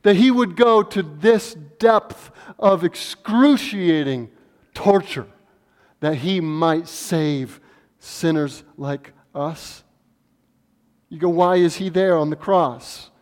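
A man preaching an expository sermon, emphatic, full of rhetorical questions, moving from hushed tones to fervent bursts. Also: a little high, takes it slowly. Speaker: pastor. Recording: long reverb of a large hall.

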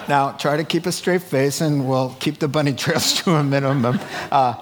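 A man's voice: mid-range voice, fairly even intonation, unhurried, slight background noise. A man preaching a conversational sermon to a live congregation in a church, asking rhetorical questions and often adding "right?". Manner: chatty, asks rhetorical questions, frequent "right?". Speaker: pastor.

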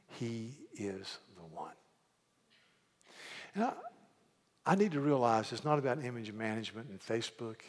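Pastor preaching in a reverberant hall. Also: male voice, on the low side, breathy edge. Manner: storytelling, acting out voices of characters. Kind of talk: sermon. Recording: long reverb of a large hall.

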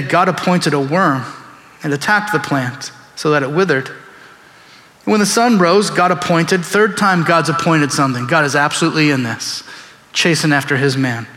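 A man pastor delivering a sermon in an animated way, acting out biblical figures in quoted voices. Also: a little high. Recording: long reverb of a large hall.

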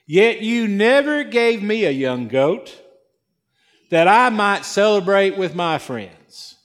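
A man voicing a resentful older son who slowly lists his grievances to his father. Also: high voice, very animated, fairly bright tone, exaggerated voice. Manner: slow, aggrieved, drawn out.

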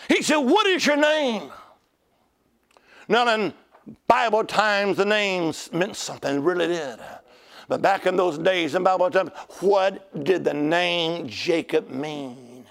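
A man's voice: high voice, animated, slow, creaky, fairly bright tone. A male preacher delivering a sermon, calling out to the congregation for responses.

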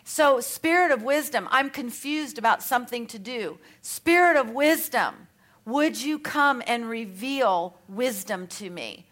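A woman's voice: a little high, animated, unhurried, a bit bright. A woman with an Australian accent teaching on scripture in a chatty, conversational way, with light self-mocking asides. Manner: reads scripture aloud between remarks. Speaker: Bible teacher.

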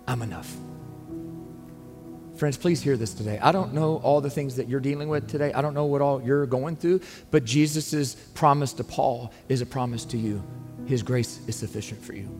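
A man's voice: medium pitch, brisk. A man preaching a sermon as pastor, earnest and emphatic, pleading with his listeners. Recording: long reverb, faint music underneath.

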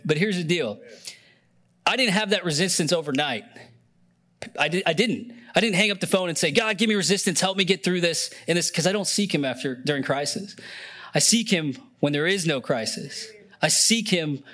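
A man's voice: on the high side, animated, normal speed, fairly bright tone. A young man preaching a sermon in an earnest, conversational way, often emotional and near tears, with many fillers and restarts. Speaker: pastor.

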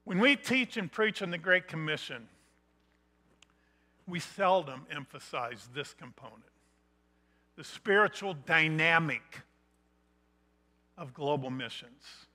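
A middle-aged man preaching a missions sermon, building emphatic points that rise to loud declarations. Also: a little high.

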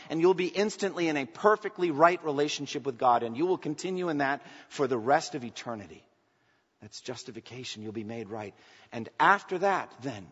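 A male pastor with a husky, breathy edge preaches a sermon, swinging between loud emphatic lines and quiet asides. His voice rings with a long reverb, as if in a large church hall, and the recording sounds dull and lo-fi. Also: mid-range voice.

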